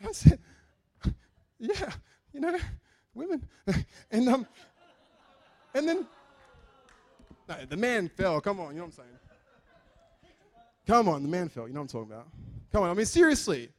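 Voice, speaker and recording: A man's voice: sits high, moderate pace, pauses often. A man preaching a sermon in a chatty, joking way, acting out the people in his stories. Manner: animated, chatty, jokes and acts out quotes. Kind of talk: sermon with storytelling.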